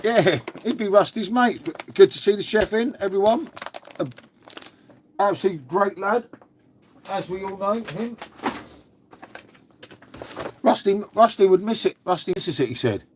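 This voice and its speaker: A man's voice: high voice, expressive, unhurried, long pauses, a little hiss or hum. An English man hosting a casual live stream from home, rambling chattily, swearing now and then and answering his chat. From England.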